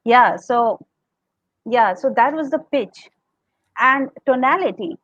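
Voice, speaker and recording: A woman's voice: sits high, lively intonation, slow, a bit bright, no room sound, lo-fi sound. A woman with an Indian accent on a podcast, explaining public speaking tips and acting out sample tones. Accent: Indian English. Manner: explanatory, demonstrates tones, laughs often.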